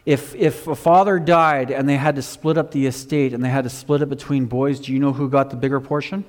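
A man preaching a sermon, telling a Bible story with animated emphasis, swinging from loud to quiet. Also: fairly quick, in a large hall. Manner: animated storytelling, rising loud for emphasis then dropping low.

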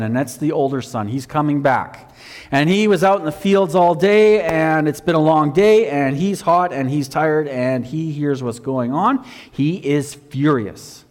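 A man preaching a sermon, telling a Bible story with animated emphasis, swinging from loud to quiet. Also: big-room sound. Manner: animated storytelling, rising loud for emphasis then dropping low.

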